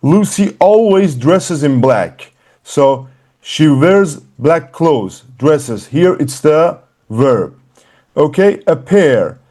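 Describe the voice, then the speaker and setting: A man teaching an English class, slow and emphatic, repeating words for learners. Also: a little high, animated, warm tone. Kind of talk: classroom lesson.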